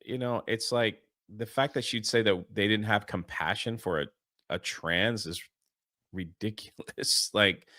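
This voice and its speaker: Bright-voiced, sarcastic American man. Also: lowish voice, fairly even intonation, a little slow, no echo, clean studio sound. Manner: sarcastic, indignant, laughs often. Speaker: co-host. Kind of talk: casual commentary chat.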